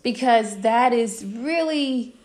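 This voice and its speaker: Animated, blunt woman podcast co-host. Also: on the high side, slow pace. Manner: animated, laughing, restarts her thoughts; blunt and direct. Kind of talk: casual chat.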